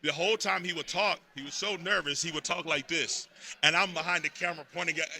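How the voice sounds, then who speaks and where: A man from Texas, a podcast guest telling stories in a lively, emphatic way at a live event. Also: a little high, quick pace. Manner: animated storytelling, emphatic repetitions. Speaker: podcast network host, guest. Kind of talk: casual interview talk.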